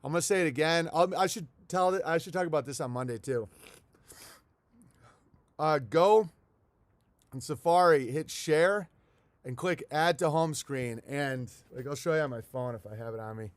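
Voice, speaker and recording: A man's voice: on the high side, normal speed, pauses often, no room sound. A man with a congested, stuffy nose hosting a livestream, chatting casually and joking as he reads viewer messages. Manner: joking, rambling, reads messages in a raised, punchy voice. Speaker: livestream host.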